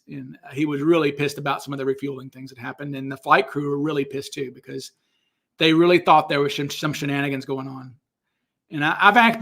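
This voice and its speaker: A man hosts a casual livestream Q&A answering viewer questions, rambling and cutting himself off to apologize while he hunts for files. His voice is a little high, bright and forceful.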